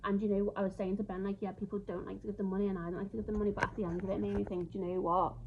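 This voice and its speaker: A woman's voice: medium pitch, little pitch movement, racing. A woman chatting casually about her travels, open and emotional. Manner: chatty, emotional, tearful at times. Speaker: travel vlogger. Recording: dull lo-fi sound, faint noise.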